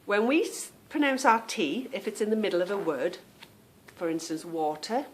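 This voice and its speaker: Expressive and fairly quick, a woman with a mid-range voice hosts a podcast over slight background noise. She's a native English speaker giving a casual, chatty monologue, self-amused and heavy on fillers as she explains.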